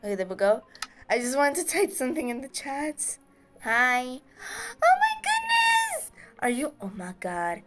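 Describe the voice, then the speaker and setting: Hosting her gaming channel, a woman gives casual, excitable commentary on gameplay, giggling and squealing with delight. Her voice is a little high and she speaks at a moderate pace.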